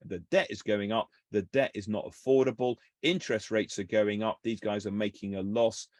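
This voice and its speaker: A man's voice: lowish voice, moderate pace, dry recording. A man co-hosting a show, explaining company finances in a casual, hesitant way with many fillers and restarts. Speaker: co-host analysing company finances.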